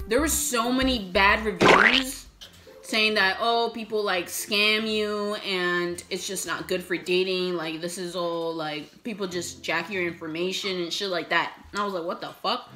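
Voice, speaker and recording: A young woman vlogger telling a storytime while eating, animated, swearing often and acting out the messages she got. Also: mid-range voice, measured pace, faint music behind.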